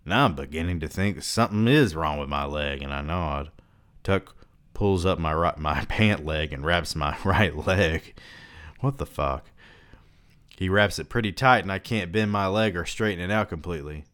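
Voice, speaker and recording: A man with a very deep, smooth and resonant voice reads a novel aloud. He stops now and then for relaxed commentary and swearing asides. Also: moderate pace. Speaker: reader and book commentator.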